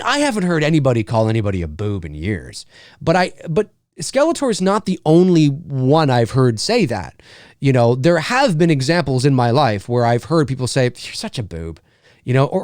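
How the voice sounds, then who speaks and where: Animated rambling North American man. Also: a little high, dry recording, studio quality. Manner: rambling, animated, lots of fillers and laughs. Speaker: live stream host. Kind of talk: casual live stream chat reading viewer comments.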